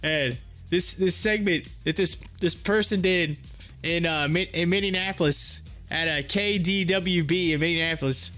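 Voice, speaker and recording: A man's voice: high-pitched, unhurried, pushed and bright, soft background music. A man hosting a stock market livestream who tells a story in a rambling way, laughing as he goes. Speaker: stock market live streamer. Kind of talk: casual livestream chat.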